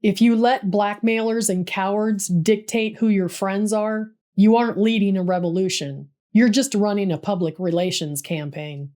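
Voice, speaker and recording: A woman voicing a dignified, bitter male civil rights organizer, speaking in a cutting, measured way with a mid-Atlantic accent. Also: mid-range voice, dark tone, natural voice. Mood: quietly stern.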